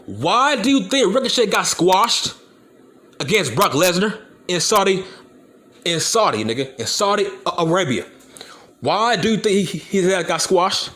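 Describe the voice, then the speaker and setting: A man's voice: sits high, very animated, unhurried, sharp tone. A young man from Compton, hosting his channel and ranting bluntly and profanely about wrestling. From Compton, California. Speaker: channel host. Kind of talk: ranting commentary video.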